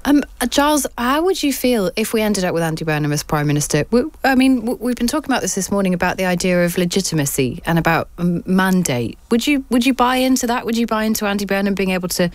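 Brisk teasing female radio host. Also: mid-range voice, animated, no room sound. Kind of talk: breakfast radio chat.

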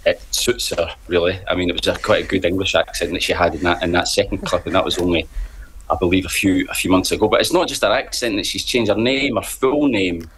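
A man speaking as a guest on a radio panel, measured and hesitant, with frequent ums. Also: sits low, a bit bright, slightly rough, rough recording. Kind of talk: studio panel discussion.

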